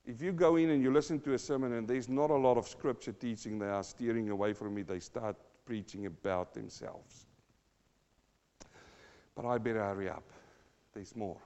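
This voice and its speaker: A man's voice: mid-range voice, moderate pace, dark tone. A male pastor preaching a verse-by-verse sermon, dramatically acting out the voices in the passages. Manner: dramatic, acts out the scripture voices with rising intensity. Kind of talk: sermon, verse-by-verse Bible teaching. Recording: dull lo-fi sound, long hall reverb.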